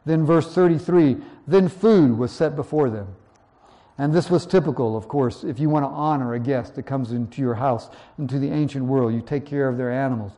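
A man preaching verse by verse, reading scripture slowly and then explaining it in a conversational way. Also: medium pitch, mellow. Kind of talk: verse-by-verse Bible teaching.

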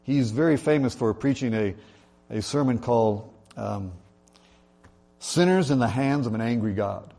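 Guy preaching in church, warm mellow voice, chatty sermon style, gets louder on lists. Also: medium pitch, animated, unhurried, vocal fry. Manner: conversational preaching with fillers, rising on lists. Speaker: pastor.

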